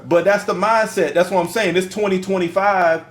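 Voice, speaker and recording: A man's voice: high-pitched, a little fast. A middle-aged man co-hosting a podcast, telling stories in a casual, slangy and emphatic way. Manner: animated storyteller, slangy and emphatic. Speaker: podcast co-host. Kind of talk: casual conversation. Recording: roomy echo.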